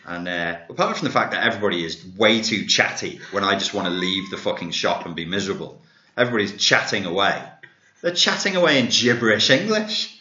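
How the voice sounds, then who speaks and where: Scouse male podcast host, bright forceful voice, swears, mimics people; echoey lo-fi room. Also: sits low, fast. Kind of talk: casual chat. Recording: echoey, muffled room sound.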